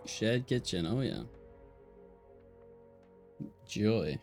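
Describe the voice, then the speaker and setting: Young man, Midlands accent, casual stream chat, joking, unhurried. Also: mid-range voice, animated, faint music behind. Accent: English Midlands. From English Midlands. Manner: joking, swearing, chatty. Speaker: esports caster.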